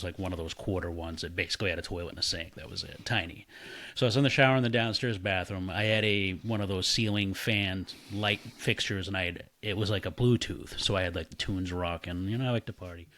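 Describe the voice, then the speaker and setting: A man casually telling a story, animated and swearing freely while he acts out the voices of the people in it. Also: low-pitched, fast. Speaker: podcast guest.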